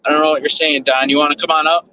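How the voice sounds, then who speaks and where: A man's voice: fairly high pitch, flat delivery, very fast, bright, forceful tone, dull audio, a little hiss or hum. Rambling man livestreaming from his car. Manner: rambling, repeats words, talks to chat. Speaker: livestream host. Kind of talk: casual chat while driving.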